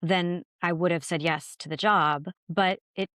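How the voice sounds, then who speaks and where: Middle-aged actress guest, low-pitched, earnest and lively anecdotes, close dry mic. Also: female voice, a little slow, dry recording. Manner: earnest, animated when telling stories. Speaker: actor guest. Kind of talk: conversational interview storytelling.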